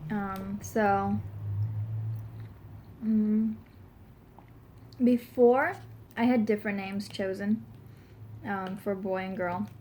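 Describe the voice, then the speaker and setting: A woman's voice: mid-range voice, little pitch movement, extremely slow, long pauses, dark tone, slight background noise. A young pregnant woman in her twenties chatting casually to camera, rambling with lots of fillers and giggles. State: pregnant, burping now and then. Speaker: vlogger.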